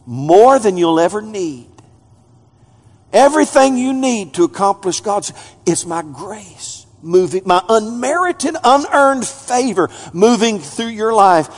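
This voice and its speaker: A man preaches from the pulpit in a high, ringing voice, climbing to loud emphatic peaks and then dropping to low, quiet asides. His words trail off into the long reverb of a big church sanctuary. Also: lively intonation, slow pace. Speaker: pastor. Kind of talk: sermon.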